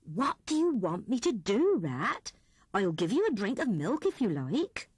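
A woman's voice: medium pitch, very animated, measured pace, slightly rough, no echo. A woman voicing a kindly old male hedgehog who grumbles in a plain, homely way. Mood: gruff.

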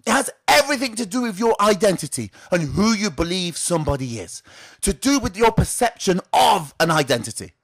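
A man's voice: sits high, fairly quick. A man hosting a weekly trading tip, teaching straight to his viewers and firing off rhetorical questions that he answers himself. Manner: animated, asks rhetorical questions and answers them. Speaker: trading educator and show host. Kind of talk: direct-to-camera teaching talk.

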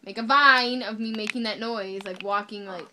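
A woman's voice: medium pitch, fairly even intonation, normal speed, background noise. A woman joking crudely and playfully while gaming with a friend, chatting casually. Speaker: gamer.

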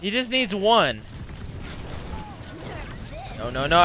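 High, swooping young man raging at a game. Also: lively intonation, sharp tone, faint music behind. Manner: profane, quick to rage, frustrated outbursts. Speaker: gaming channel host. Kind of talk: live gameplay commentary.

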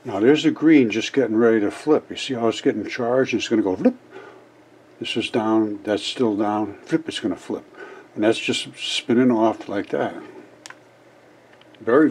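An older man rambling through an explanation of experiment footage, halting and repeating words as he goes. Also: lowish voice, darkish tone, a little hiss or hum. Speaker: independent science video maker. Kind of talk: casual explanation over footage.

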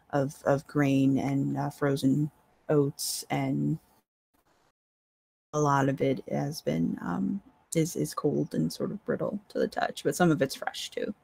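Woman DM, gravelly, laid-back descriptive narration, dry close sound. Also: sits low, a little mellow, dry recording. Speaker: dungeon master. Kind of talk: narrating a tabletop game.

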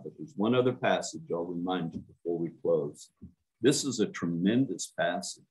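Deep-voiced man preaching with emphatic repetition. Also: poor audio. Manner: emphatic, repeats words for stress; addresses listeners with direct questions. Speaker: minister. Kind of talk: sermon.

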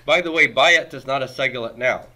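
A man's voice: medium pitch, fairly quick, bright, forceful tone. A man teaching a Hebrew grammar class, explaining patiently and quizzing his students with questions and homely comparisons.

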